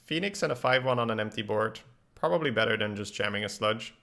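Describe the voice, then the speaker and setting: A male streamer with a bright, forward voice and a gravelly edge, thinking aloud about each move in loose, chatty commentary. He laughs easily between plays. A faint hum of background noise sits under his voice. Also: fairly low pitch, animated, fast talker. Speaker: game streamer. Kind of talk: casual gameplay commentary.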